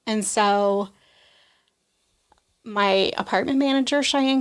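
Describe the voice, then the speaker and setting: A woman's voice: medium pitch, measured pace, long pauses. Woman telling a personal story. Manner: emotional storytelling, acts out quoted voices, frequent "like". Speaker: podcast guest. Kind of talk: personal testimony in an interview.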